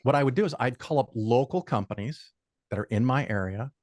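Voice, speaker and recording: A man's voice: medium pitch, expressive, fairly quick, darkish tone, no echo, clean studio sound. An older man, a podcast guest, telling stories in a casual, blunt and profane way and laying out firm rules. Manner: opinionated, lays out firm rules. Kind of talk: casual storytelling in conversation.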